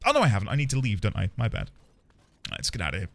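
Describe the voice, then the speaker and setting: Lively, playful male streamer. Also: lowish voice, racing, creaky. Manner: playful, rambling, self-mocking. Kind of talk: casual gameplay commentary. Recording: game music behind.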